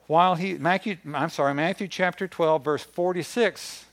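A man's voice: fairly high pitch, moderate pace. A man, a pastor, preaching a sermon and reading scripture aloud, rising in force on key points.

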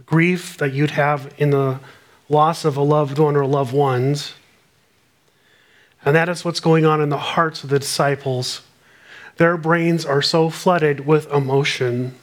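A man with a slightly high voice delivers a sermon. He works through scripture verse by verse and reads passages aloud with earnest emphasis. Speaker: pastor.

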